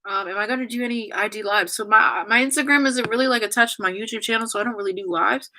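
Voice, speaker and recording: A woman's voice: a little high, fast, sharp tone, a little hiss or hum, low-quality recording. A young woman chatting on a farewell livestream, emotional and trying not to cry, apologizing and rambling with many fillers. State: holding back tears. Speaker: YouTuber saying goodbye on a livestream. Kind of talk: casual livestream chat reading comments.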